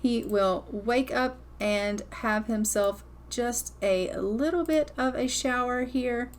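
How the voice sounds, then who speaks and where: Woman, fairly high voice, talky and blunt gameplay commentator who swears offhand. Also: takes it slowly. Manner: chatty, blunt, swears casually.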